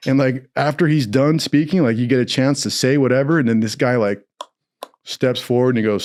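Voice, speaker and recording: A man's voice: mid-range voice, a little fast. A young man from Southern California, casually telling a long personal story, swearing often and acting out the voices of the people in it. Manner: profane, animated, acts out quotes in other voices.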